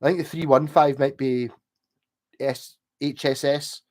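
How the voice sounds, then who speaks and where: A man's voice: medium pitch, steady tone, a little slow, darkish tone. A man chatting casually on a livestream, rambling and swearing freely. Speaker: livestream host.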